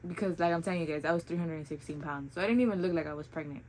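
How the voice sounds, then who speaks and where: A woman's voice: low-pitched, rapid-fire, a little mellow, a little hiss or hum, poor audio. Blunt, profane young woman. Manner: blunt and profane, switching into Spanish phrases. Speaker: vlogger telling her own birth story. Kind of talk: casual storytime chat.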